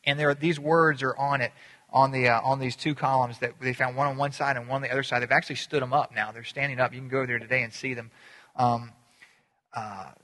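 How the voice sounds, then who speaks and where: A quick-talking man preaches in a bright, forceful voice that rings through a large hall with a long reverb. He is animated and chatty, jumping into high voices to act out scenes and stumbling over repeated words as he restarts sentences. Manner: animated, acts out voices with sudden pitch jumps. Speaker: pastor. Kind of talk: sermon.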